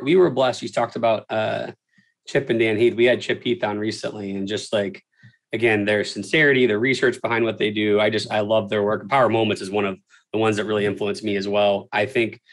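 A man's voice: on the low side, low-quality recording. A man hosting an interview, speaking earnestly with frequent restarts and fillers. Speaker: host. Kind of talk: interview questions and conversation.

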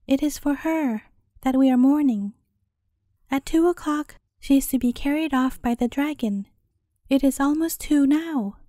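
A woman's voice: sits high, measured pace, dark tone, no room sound, studio quality. A woman voicing a grieving old peasant woman in a storybook tale, telling her woes in a lamenting, pleading way.

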